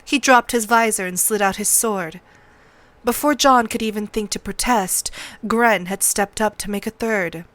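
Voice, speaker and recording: A woman narrating a novel aloud in a measured, steady read-along style, close to the mic. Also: medium pitch, no room sound.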